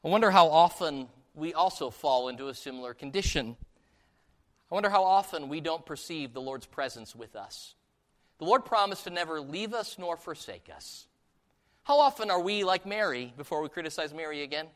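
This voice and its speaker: Male pastor, slightly high voice, animated sermon storyteller. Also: normal speed. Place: church sanctuary. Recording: long hall reverb.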